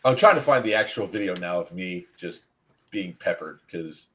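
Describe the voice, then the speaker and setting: Speaking in a low voice at a moderate pace, with a little hiss or hum in the recording, a male podcast host tells an animated story on a casual live stream. He laughs frequently and acts out voices throughout.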